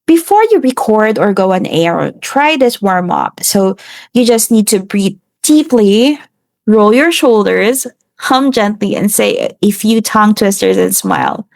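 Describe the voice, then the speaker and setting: A woman presenting a class lesson on relaxing the voice, steady and instructive, with some slips and restarts. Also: medium pitch, measured pace, creaky, dry recording. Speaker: student presenter.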